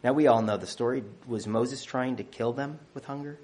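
A man's voice: mid-range voice, a little fast, dark tone. A man preaching a sermon, counting off numbered points with emphatic stress on key phrases.

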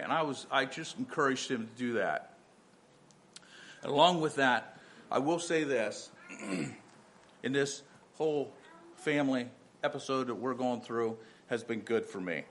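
Earnest preaching man, bright voice. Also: mid-range voice, measured pace, pauses often, a little hiss or hum. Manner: earnest, storytelling, rising to emphatic preaching with many restarts. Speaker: pastor. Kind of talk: sermon.

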